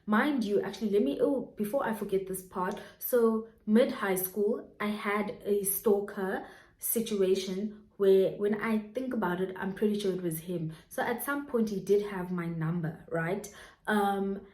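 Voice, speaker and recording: A woman's voice: mid-range voice, measured pace, darkish tone, roomy sound. A South African woman in her twenties telling a personal storytime to her viewers in a chatty way, full of fillers and asides. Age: 20s. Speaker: YouTuber. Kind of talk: storytime vlog.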